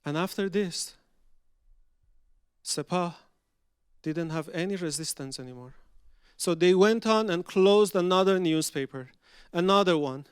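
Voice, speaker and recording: A man from Iran, performing a personal story on stage and acting out the dialogue with swings between loud and hushed delivery. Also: sits high, measured pace, clean tone, dry recording, clean studio sound.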